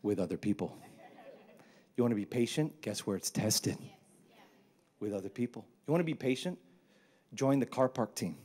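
A man's voice: medium pitch, normal speed, pauses often. A man preaching a sermon on a church stage, joking and acting out Bible scenes in put-on voices. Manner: animated, joking, acts out quotes in put-on voices. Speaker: pastor.

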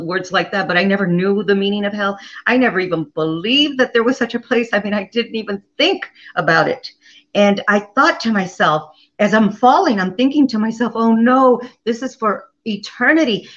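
A woman guest giving an earnest personal testimony, halting and often repeating her words. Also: medium pitch, a bit bright. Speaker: interview guest. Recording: slightly dull lo-fi audio.

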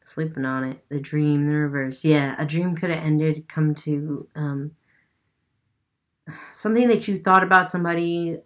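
Woman tarot reader, low voice, unusual accent, chatty and offhand. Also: unhurried, fairly bright tone. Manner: chatty, swears, laughs at herself. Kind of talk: casual tarot reading.

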